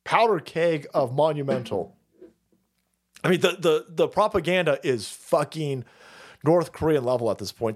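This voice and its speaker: A man's voice: fairly high pitch, lively intonation, moderate pace. A man hosting a livestream, ranting crudely with frequent laughter and repeated words. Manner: crude, laughs often, rambling and repetitive. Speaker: livestream host. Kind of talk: profane ranting commentary.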